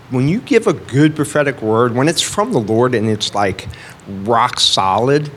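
A man's voice: mid-range voice, a little hiss or hum. A man casually telling a church testimony, rambling and full of "like" and restarts. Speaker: church speaker sharing a testimony.

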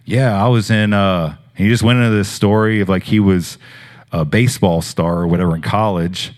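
A man preaching, telling personal healing stories in a rambling, animated way with many fillers. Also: on the low side, moderate pace. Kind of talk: sermon testimony storytelling.

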